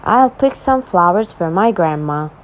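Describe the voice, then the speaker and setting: A woman whose first language is Arabic, reading a children's story aloud for an English lesson and repeating each vocabulary word twice, slowly and clearly. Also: on the low side, expressive, a little hiss or hum. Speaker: English teacher. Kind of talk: slow read-aloud lesson with word drills.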